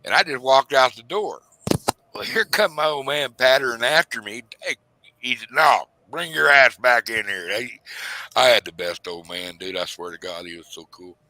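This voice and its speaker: A man's voice: medium pitch, expressive, moderate pace, sharp tone, no room sound. A middle-aged man telling a rambling story in casual chat, acting out his parents' lines in a raised voice.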